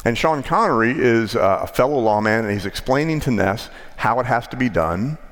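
Pastor preaching in a reverberant church. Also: male voice, mid-range voice, animated, moderate pace, a bit bright. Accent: Texan. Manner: conversational storytelling preacher, occasional restarts. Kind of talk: sermon. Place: large church sanctuary.

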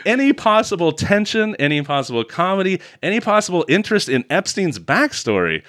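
A man's voice: high voice, big pitch swings, brisk, fairly bright tone, no echo, studio quality. A man co-hosting a podcast, sarcastic and swearing freely as he mocks a film in casual chat. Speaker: podcast co-host. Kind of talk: casual movie review chat.

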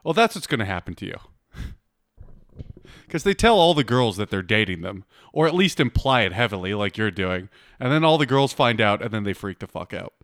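Blunt teasing man, lively pitch. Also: fairly quick, no room sound, clean studio sound. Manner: blunt, teasing, laughs often, swears freely. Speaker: co-host giving dating advice. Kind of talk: casual chat.

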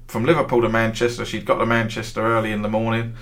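A middle-aged man with a lowish voice rambles through a story, chatty and wry. He hosts a football trading group and drops in casual swearing and dry jokes as he talks to his members. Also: little pitch movement, fast talker, few pauses, fairly bright tone.

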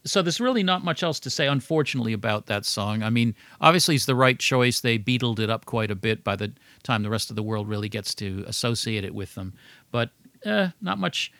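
A man co-hosting a podcast, talking in a relaxed, opinionated way about music history. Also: mid-range voice, brisk, no room sound. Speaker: podcast co-host. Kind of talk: casual music history chat.

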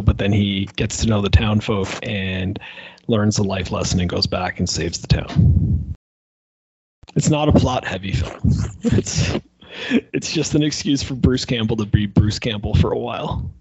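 Husky-voiced man chatting about movies. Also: fairly low pitch, normal speed, darkish tone, no room sound, dull audio. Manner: laughing, joking, rambling. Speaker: podcast co-host. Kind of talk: casual movie chat.

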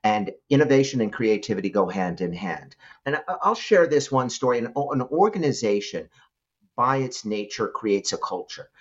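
A middle-aged man, a guest entrepreneur, giving an animated storytelling answer with frequent laughs and restarts. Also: mid-range voice, moderate pace, highs cut off.

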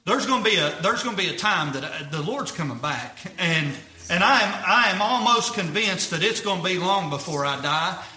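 A man's voice: high voice, expressive, normal speed, bright, forceful tone, roomy sound. A young man preaching earnestly, repeating himself and using folksy grammar. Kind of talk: sermon.

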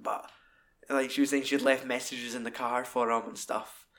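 A man in casual, sweary film chat, acting out scenes in high put-on voices. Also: flat delivery, normal speed, a bit bright.

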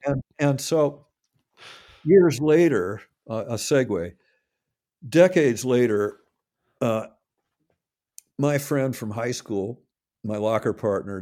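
Older man with a mellow, relaxed voice, rambling. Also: on the low side. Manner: rambling, self-correcting anecdotes with quoted voices. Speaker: interviewee. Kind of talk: casual storytelling.

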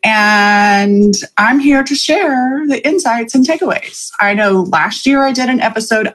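A woman's voice: a little high, measured pace, fairly bright tone. A woman hosting a live podcast episode, talking casually with frequent ums and light laughs as she goes through her notes. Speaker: podcast host and coach.

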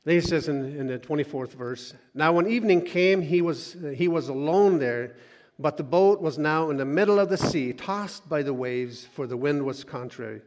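A man preaching a sermon, moving between loud urging and soft, hushed asides. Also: on the high side, moderate pace. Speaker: pastor. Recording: long hall reverb.

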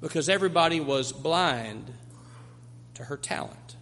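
A male pastor preaches with emphatic repetition, his voice high and bright. It rings out with a long, trailing reverb from a large church hall. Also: lively intonation, measured pace. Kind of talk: sermon.

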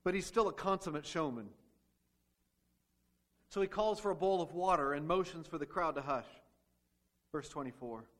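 Preaching a sermon, a pastor with a somewhat bright voice on the high side poses rhetorical questions to the congregation. He also acts out quoted speech as he goes.

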